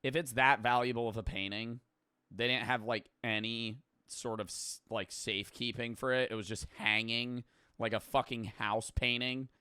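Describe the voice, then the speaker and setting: A man's voice: mid-range voice, fairly even intonation, moderate pace, pushed and bright, smooth, dry recording, studio quality. A man hosting a video reaction, rambling casually, swearing freely and laughing at himself. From United States.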